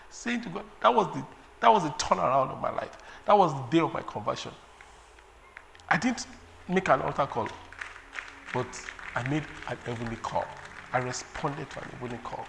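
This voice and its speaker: A man from Nigeria preaching a sermon in a lively way, laughing often and breaking into sung refrains. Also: high-pitched, moderate pace, creaky.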